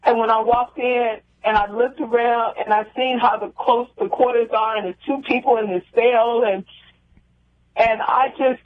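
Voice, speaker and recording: A woman calling in as a guest, telling a personal story in a halting, heartfelt way that circles back on itself. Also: on the high side, steady tone. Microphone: telephone. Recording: tinny phone line.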